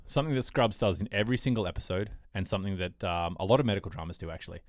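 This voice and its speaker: A man's voice: deep voice, very fast, no echo, studio quality. A man co-hosting a podcast in a casual chat, rambling with lots of fillers as he retells TV scenes. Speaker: podcast co-host.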